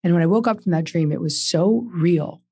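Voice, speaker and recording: A woman's voice: on the low side, moderate pace, warm tone, husky, dry recording, studio quality. A woman in her forties, a guest author on a podcast, telling her personal story earnestly with emphatic repeated questions.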